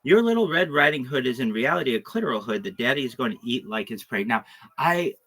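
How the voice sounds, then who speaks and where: A man's voice: mid-range voice, sing-song, quick pace, fairly bright tone, breathy edge. A man talking on a livestream in a rambling, joking, crude monologue full of asides.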